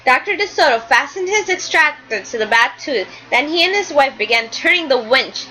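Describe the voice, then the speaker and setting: A woman's voice: high-pitched, lively intonation, normal speed, sharp tone, poor audio. A woman teacher reading a picture book aloud to a class, stopping to explain words and pictures.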